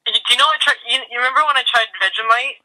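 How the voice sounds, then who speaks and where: A woman's voice: fairly high pitch, fairly even intonation, very fast, bright, forceful tone, rough recording. An American woman calling in by phone, chatting playfully and giggling with teasing remarks. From United States. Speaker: guest on phone. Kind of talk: casual phone chat. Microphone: phone call.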